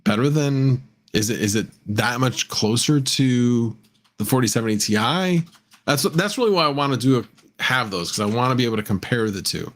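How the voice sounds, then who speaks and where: A man's voice: mid-range voice, expressive, moderate pace. A man hosting a casual livestream, rambling and correcting himself, often chuckling and answering viewers' chat. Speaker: livestream host.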